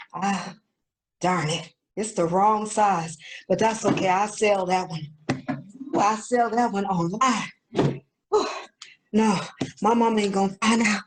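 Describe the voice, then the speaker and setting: A woman voicing a sassy young woman looter in a comedic skit, boastful and slangy with drawn-out exclamations. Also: fairly high pitch, a little hiss or hum, natural voice, low-quality recording.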